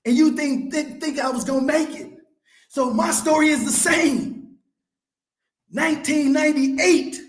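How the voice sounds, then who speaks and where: A fired-up male money coach shouts a fiery, profanity-laced motivational rant in a preacher's rhythm. His voice sits very high, and the recording echoes around the room. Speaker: financial coach, show host.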